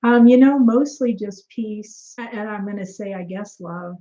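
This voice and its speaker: A woman's voice: mid-range voice, normal speed, mellow, lo-fi sound. A woman, a guest energy healer, telling her story in a casual interview and acting out the dialogue as she goes.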